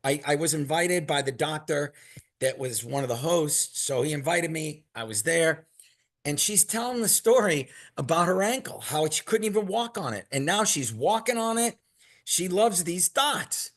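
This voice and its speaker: A man telling a long, rambling story in a casual, animated way and acting out what others said. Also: a little high, normal speed. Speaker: product maker telling stories as a guest.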